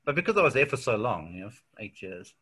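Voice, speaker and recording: South African man, interview guest, bright voice, relaxed filler-laden storytelling. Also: fairly low pitch, quick pace. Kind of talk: casual chat.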